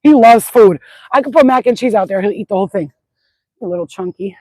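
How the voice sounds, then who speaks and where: A woman's voice: medium pitch, fairly quick, dark tone, no room sound, low-quality recording. A middle-aged woman rambling in a casual livestream chat outdoors at sunset, swearing freely and repeating herself as she goes. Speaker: spiritual channel host.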